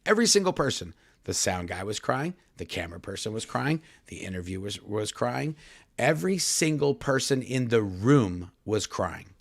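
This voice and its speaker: A man's voice: fairly low pitch, big pitch swings, moderate pace, creaky. A man co-hosting a casual live podcast Q&A, chatty and talking straight to his viewers. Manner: chatty, reads viewer comments aloud, addresses "folks". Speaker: podcast co-host.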